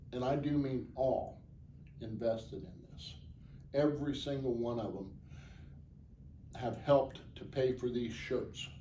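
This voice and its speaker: A man's voice: medium pitch, mellow, distant mic. A man answering interview questions as the organizer of a charity motorcycle ride, plainspoken, earnest and rambling. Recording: echoey, off-mic, faint background noise.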